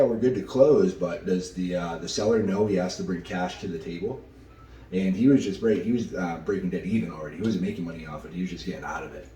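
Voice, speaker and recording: Deep-voiced man telling a story fast. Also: warm tone, slight background noise. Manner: casual, swears freely, quotes people in quick asides. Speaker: real estate investor. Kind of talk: casual storytelling. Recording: roomy echo, mic at a distance.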